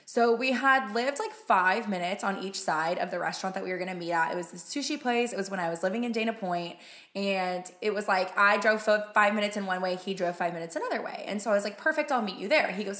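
A woman's voice: medium pitch, fast, fairly bright tone. A young woman in casual chat, telling a story with lots of "like" and casual swearing. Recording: roomy echo.

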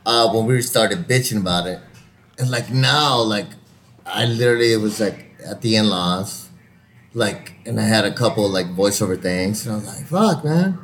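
A man co-hosting a casual podcast, joking and swearing, with loud bursts of laughter. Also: fairly low pitch, fairly even intonation, moderate pace, slight background noise. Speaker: podcast co-host.

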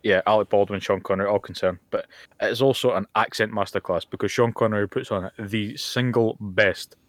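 Low-voiced guy, talks quick, dry jokes, close dead sound. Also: fairly even intonation, no echo. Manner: dry, opinionated quips. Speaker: podcast co-host. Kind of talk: casual chat over voice call. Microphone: voice call mic.

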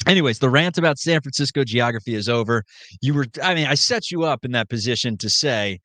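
A man co-hosting a casual sports podcast, talking in an animated, joking way with quick asides. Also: mid-range voice, no echo. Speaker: podcast co-host.

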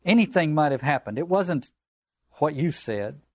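Man voices excitable shrill boy, defensive, raised pitch, dry read. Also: normal speed, dry recording. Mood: anxious. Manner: shrill, pleading, gesturing.

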